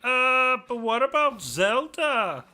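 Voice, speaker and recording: A man's voice: very high-pitched, big pitch swings, slow, pushed and bright, exaggerated voice. A man playing a meek, dim sidekick who speaks hesitantly and mildly. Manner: hesitant, mild, starts with fillers. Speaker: sidekick co-host.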